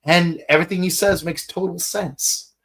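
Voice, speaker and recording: A man's voice: high voice, fairly even intonation, normal speed, creaky, a bit bright. A man co-hosting a podcast in casual chat, rambling and joking with lots of restarts and fillers. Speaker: podcast co-host.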